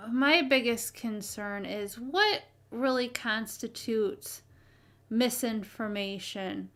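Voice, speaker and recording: A woman hosting her own live stream, talking in an earnest, hesitant way with many pauses and fillers. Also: fairly high pitch, fairly bright tone. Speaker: channel host.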